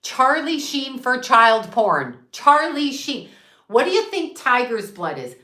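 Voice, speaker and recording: On her channel, a woman who works as a psychic medium delivers a profane, defiant livestream rant, hammering points by repeating them. She speaks slowly in a high voice with big pitch swings and a sharp tone, and the audio is reverberant.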